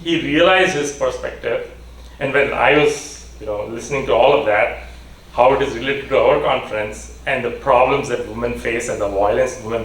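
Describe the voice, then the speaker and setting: A man's voice: mid-range voice, fairly bright tone. A man giving a vote of thanks at a conference, telling a story in a plain-spoken way with restarts and fillers. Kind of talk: storytelling speech. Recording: echoey hall from far off.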